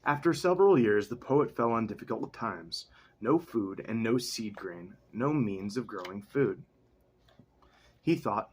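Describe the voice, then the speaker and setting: A man's voice: on the low side, husky. A man casually reading a book aloud, breaking off into rambling, self-mocking asides. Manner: slow, lively reading voice.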